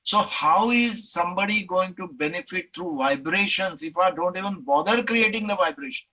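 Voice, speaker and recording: A middle-aged Indian man with an Indian English accent lectures and takes questions. His voice sits high for a man and rings bright and forceful. He talks in an animated way and acts out the voices he quotes. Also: moderate pace, low-quality recording.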